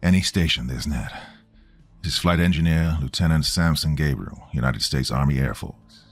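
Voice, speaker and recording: A man's voice: extremely low pitch, moderate pace, no room sound, faint music behind, voice pushed down. A man voicing a weary American airman lieutenant who talks bluntly and curtly. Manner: blunt, curt.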